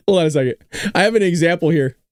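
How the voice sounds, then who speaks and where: Animated joking male show host. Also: a little high, no room sound. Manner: joking, teasing the chat. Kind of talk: casual political chat show.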